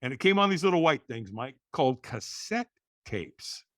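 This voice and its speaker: Animated middle-aged man telling a story. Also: mid-range voice, normal speed, no echo, clean studio sound. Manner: animated, acts out voices in quotes, restarts words. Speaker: guest. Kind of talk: storytelling in a podcast interview.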